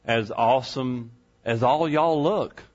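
A man's voice: mid-range voice, takes it slowly, a little mellow, dull audio. A male pastor preaching a sermon in a church, folksy and conversational, asking the congregation rhetorical questions. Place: church sanctuary.

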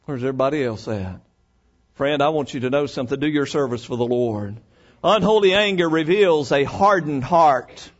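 A man preaching a sermon, folksy and emphatic, swinging between loud and hushed. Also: fairly high pitch, moderate pace, lo-fi sound.

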